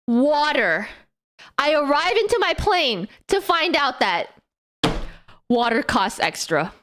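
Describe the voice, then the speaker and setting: A woman's voice: sits high, takes it slowly. A young woman streamer telling a story in casual, profane talk, with frequent laughter. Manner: animated, profane, laughs often.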